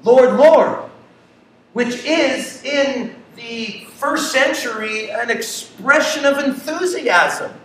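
A man preaching a sermon who swings between loud, excited passages and hushed, quiet ones. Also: very high voice, takes it slowly, hardly any pauses. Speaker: pastor. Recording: echoey room, speaker far from mic.

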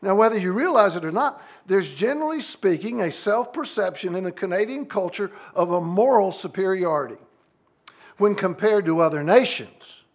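A man's voice: sits high, lively intonation, normal speed. A middle-aged man, preaching a sermon to his congregation in an earnest way, often asking the listeners questions. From United States. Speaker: pastor.

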